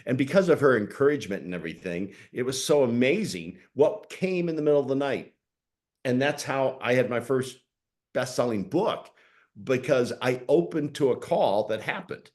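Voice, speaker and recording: A man hosting a conversation, animated, often laughing as he tells stories. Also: medium pitch, normal speed. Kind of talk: conversational interview.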